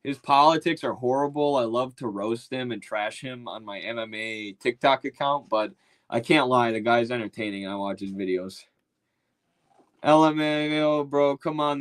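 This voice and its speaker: Male commentator, casual and mocking, mid-pitched. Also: a bit bright, poor audio. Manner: loose, slangy and mocking. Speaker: political commentator.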